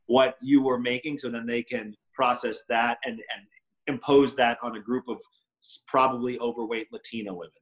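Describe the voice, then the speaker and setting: A man's voice: medium pitch, fairly even intonation, moderate pace, rough recording. Dry, wisecracking male podcast co-host. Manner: dry, joking, adds wry asides and mock voices. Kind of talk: casual chat.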